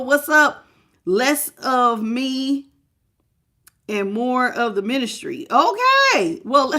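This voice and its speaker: A woman with a slightly high, pushed, bright voice gives a casual tarot reading on a live stream. Chatty and frank, she greets viewers by name and familiarly calls them y'all, child, and baby.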